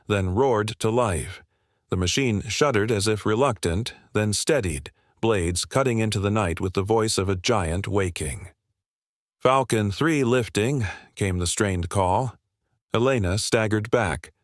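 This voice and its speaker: Man, low voice, scripted war story narration, measured pace, dry close mic. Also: no room sound.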